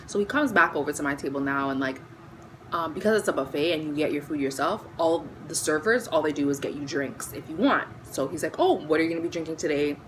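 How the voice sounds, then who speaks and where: Young woman, low voice, casual storytime vlogger, faint hiss behind. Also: a little fast, low-quality recording. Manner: chatty, animated retelling with quoted voices.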